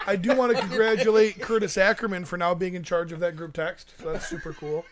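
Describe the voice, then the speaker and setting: A man's voice: sits high, steady tone, fairly quick, a crowd in the background. A man co-hosting a podcast, joking and swearing in casual chat. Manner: joking, profane. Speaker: podcast co-host.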